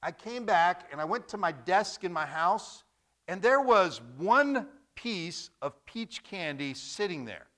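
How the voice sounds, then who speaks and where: A man preaching a sermon as pastor, with lively, repetitive delivery and joking stories. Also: high voice, unhurried.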